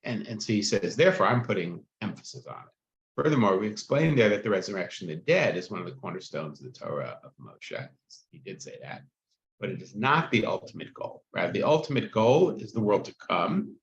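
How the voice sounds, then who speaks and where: A man's voice: lowish voice, expressive, fairly quick. A man teaching a text-study class, reading passages aloud and explaining them in a chatty way, checking in with "right?" as he goes. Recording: muffled, echoey room.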